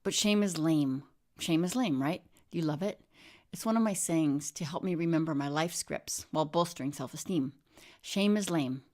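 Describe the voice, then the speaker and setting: A woman telling a comic monologue in a deadpan, wry way, often dropping into whispered asides. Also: low-pitched, normal speed. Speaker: storyteller.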